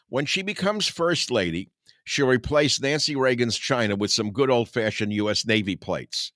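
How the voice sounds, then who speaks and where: A man's voice: medium pitch, lively intonation, moderate pace, fairly bright tone, no echo, clean studio sound. An older man, a talk host, reading his own satirical writing aloud with combative, sarcastic asides and chuckles.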